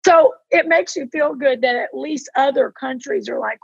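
A woman's voice: high-pitched, normal speed, vocal fry, no echo, lo-fi sound. A woman from Eastern Kentucky with a Southern accent, a podcast guest chatting casually and animatedly acting out quotes in her stories. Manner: animated storyteller, acts out quotes. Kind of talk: casual interview chat.

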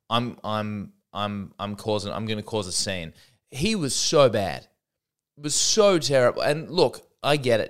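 A man's voice: lowish voice, fairly bright tone, clean tone. An Australian man hosting a solo podcast, talking in a rambling, sardonic, self-deprecating way. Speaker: podcast host.

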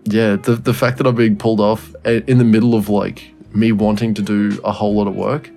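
A man's voice: fairly low pitch, level tone, brisk, creaky, dark tone, soft background music. A young man, co-hosting a casual podcast chat, rambling, swearing freely and laughing often. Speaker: podcast co-host.

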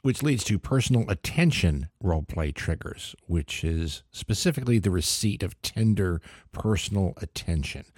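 A man hosting a radio comedy show, delivering a wry, scripted monologue with deadpan asides. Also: sits low, normal speed, few pauses, husky, no room sound, clean studio sound. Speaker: comedy podcast host.

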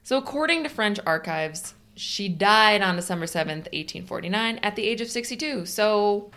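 A woman's voice: medium pitch, lively intonation, normal speed, pushed and bright. Woman podcast co-host, casual storyteller, laughs a lot, reads from notes. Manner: laughs often, reads facts aloud. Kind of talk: casual chat, reading a story.

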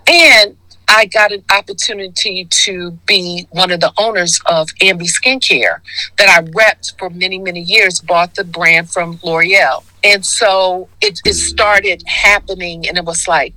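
A woman in her sixties from Detroit, a skincare founder, tells her story as a guest in a casual interview, acting out the voices she quotes. Her fairly low voice is steady, measured, pushed and bright. The audio is poor, with no room sound.

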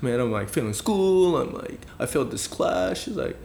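A man's voice: mid-range voice, animated, moderate pace, gravelly, noisy background. A young man co-hosting a casual podcast, telling a personal story in a laid-back, slang-heavy way. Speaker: podcast co-host. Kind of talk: casual chat.

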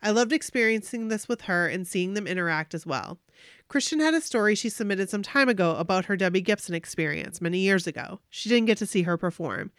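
Woman co-host, animated storyteller reading a fan tale, mid-pitched, dry booth sound. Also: fairly quick, no room sound. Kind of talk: reading a listener story aloud.

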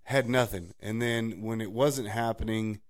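Casting: low-pitched man, chatty podcast co-host, rambling, laughs a lot. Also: a little slow. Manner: rambling, laughs often, animated storytelling. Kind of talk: casual faith chat.

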